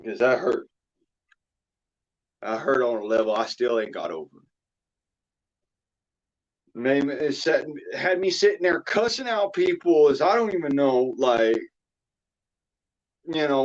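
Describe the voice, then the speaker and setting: Unhurried and medium-pitched, with long pauses, this streamer hosts a chat panel in a casual, emotional, rambling way, swearing a lot and circling back over the same points in a drawl. A dull lo-fi mic picks him up.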